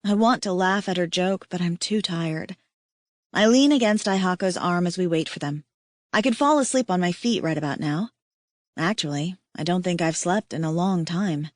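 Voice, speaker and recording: A woman reading a first-person audiobook in an intimate, steady storytelling manner on a close mic. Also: fairly low pitch, normal speed, dry recording. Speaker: audiobook narrator.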